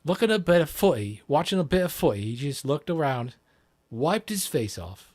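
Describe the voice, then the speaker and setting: A man's voice: a little high, very animated, normal speed, darkish tone. A man livestreaming, chatting casually and reacting to a film clip, rambling, swearing and repeating lines back. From not Britain. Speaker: livestream host.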